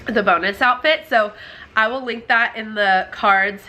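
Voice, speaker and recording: A woman's voice: fairly high pitch, unhurried, sharp tone. A woman chatting casually to her camera at home in a family vlog, rambling with lots of fillers. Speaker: family vlogger. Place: indoors at home near a running dryer.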